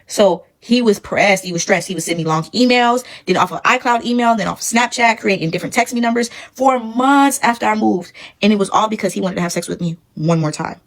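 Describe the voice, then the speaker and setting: A woman's voice: mid-range voice, fairly quick, hardly any pauses, poor audio. A woman, emphatic and preachy, telling a casual storytime about her past relationship.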